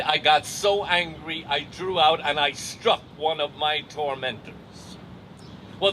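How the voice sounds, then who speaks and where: An older man from Ireland with an Irish accent, telling a personal story in a measured, wry, deliberate way. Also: high voice, bright, forceful tone, slight background noise, rough recording.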